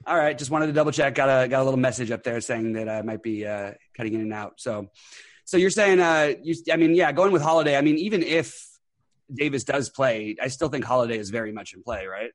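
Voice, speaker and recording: A man's voice: medium pitch, no echo, studio quality. A man hosting a fantasy sports podcast over an internet call, upbeat and full of fillers. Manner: quick, upbeat, many fillers. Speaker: podcast host.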